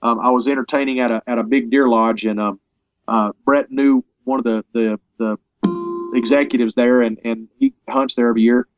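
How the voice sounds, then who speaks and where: A man talking as an interview guest in a casual conversation. He sounds earnest and halting, often restarting his sentences. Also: mid-range voice, fairly even intonation, highs cut off, soft background music. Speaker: interview guest, parody songwriter.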